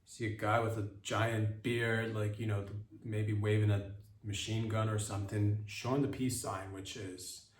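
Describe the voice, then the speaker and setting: A man's voice: fairly low pitch, unhurried, distant mic. Rambling man, roomy and off-mic. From Canada. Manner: rambling, animated, jumps into excited voices. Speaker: podcast host. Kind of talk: comedic monologue.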